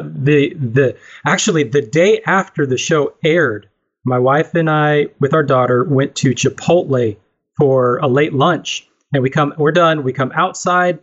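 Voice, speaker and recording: A man from Texas with a somewhat high voice, telling anecdotes on a podcast over a video call. He is lively and acts out the people in his stories. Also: muffled recording. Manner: animated storyteller, acts out quoted voices. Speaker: guest, knifemaker.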